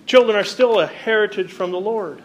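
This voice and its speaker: Preacher man with a higher voice. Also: a little fast. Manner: reads scripture aloud, then explains it to the congregation. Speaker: pastor. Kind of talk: sermon.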